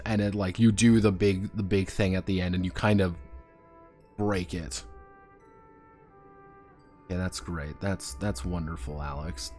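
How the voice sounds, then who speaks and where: A man with a lowish, slightly mellow voice streams a video game live. He rambles through the playthrough with sarcastic commentary and swearing.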